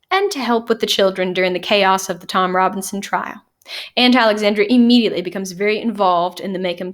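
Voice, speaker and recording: A woman's voice: mid-range voice, fairly bright tone. Woman teacher talking through a novel. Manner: conversational, many "um" and "you know" fillers, clearly enunciated. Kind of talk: casual classroom lecture and chapter summary.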